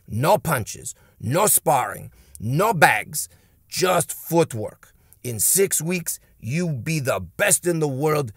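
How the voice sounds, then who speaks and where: A man's voice: a little high, vocal fry, breathy edge, no room sound, clean studio sound, heavily acted. A man putting on a commanding fake-Russian coach. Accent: fake Russian accent. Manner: clipped broken English, slow and commanding. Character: gruff world-class male martial arts coach.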